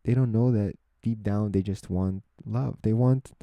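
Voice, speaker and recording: A man's voice: lowish voice, fairly even intonation, measured pace, mellow, dry recording. A young man hosting his own podcast, talking through his thoughts in an earnest, reflective monologue full of rhetorical questions and restarted phrases. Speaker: podcast host.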